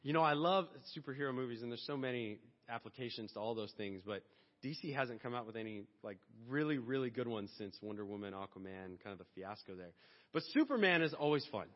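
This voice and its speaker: A man's voice: mid-range voice, animated, brisk. A man preaching a sermon in a loose, conversational way, acting out little asides and voices as he goes. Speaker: pastor. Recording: dull long-reverb hall sound.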